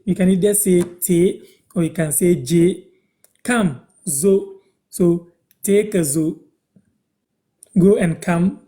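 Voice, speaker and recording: A man from Ghana with a Ghanaian accent, hosting a live-stream language lesson and repeating phrases slowly so viewers can follow. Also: high-pitched, dark tone.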